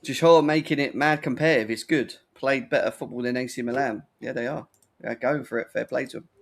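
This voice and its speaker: A man hosting a live football watch-along, commentating play by play, excitable and quick to swear. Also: medium pitch, gravelly. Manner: excitable, laughs a lot, swears.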